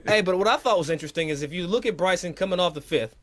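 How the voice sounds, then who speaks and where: A man co-hosting a golf talk show, chatting casually with animated, playful slang. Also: sits high, very fast. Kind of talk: casual sports chat.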